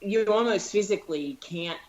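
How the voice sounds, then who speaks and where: A woman's voice: mid-range voice, moderate pace, muffled recording. A woman talking casually and earnestly on a podcast, retelling scenes with feeling and often restarting her phrases. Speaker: podcast co-host. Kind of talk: casual discussion on faith.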